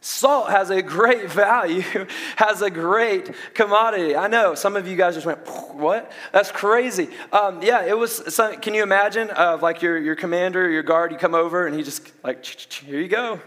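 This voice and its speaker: A young adult man with a Southern US accent, preaching a sermon in an animated way, with quick asides and restarts. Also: sits high. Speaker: pastor. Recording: long reverb of a large hall.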